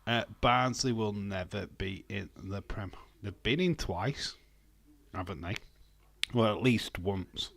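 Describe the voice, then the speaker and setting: Here the same Yorkshire wrestling watch-along streamer speaks slowly in a lowish, creaky voice that still carries a fairly bright tone. He banters loosely with the people watching his live stream, reads out comments, wanders off topic, and swears now and then.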